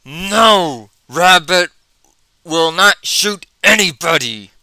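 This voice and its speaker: A man's voice: sits high, lively intonation, drawn-out words, pushed and bright, no room sound, voice pushed up, exaggerated voice. A man reading out a blunt angry green brute. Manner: blunt, broken speech.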